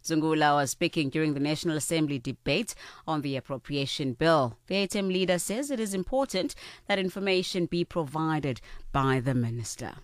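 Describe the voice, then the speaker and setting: A woman reading radio news in a crisp, formal manner. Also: deep voice, lively intonation, brisk, no echo, studio quality. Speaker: newsreader.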